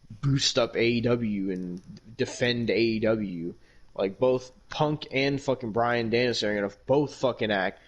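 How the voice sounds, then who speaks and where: A man's voice: lowish voice, highs cut off. A man hosting a casual podcast, ranting heatedly and swearing constantly. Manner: heated, heavily profane ranting. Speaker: podcast host.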